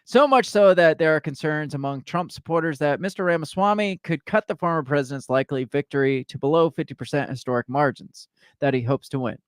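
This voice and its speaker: Smooth, higher-pitched man in casual chat. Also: fairly quick, no echo, studio quality. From Midwest US. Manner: animated, reads news articles aloud. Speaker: podcast co-host.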